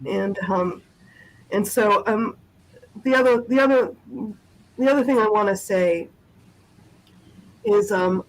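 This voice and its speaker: A woman talks over a video call in a halting, unhurried way. She pauses often and restarts her sentences. Her pitch sits in the middle range. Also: low-quality recording. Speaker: guest sharing a family memory. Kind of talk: personal testimony on a video call.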